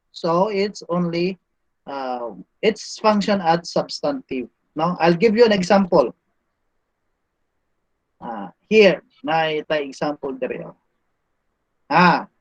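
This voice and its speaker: Slow Cebuano-accented man teaching Greek. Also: high voice. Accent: Filipino, Cebuano. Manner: slow, patient, stops to quiz students. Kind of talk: classroom grammar lecture. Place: classroom. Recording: dull lo-fi classroom recording.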